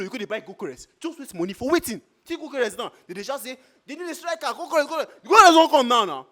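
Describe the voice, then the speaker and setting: A man's voice: high voice, pushed and bright. A man with a Nigerian Pidgin English accent, ranting in a heated, exasperated way as a football fan in a street reaction.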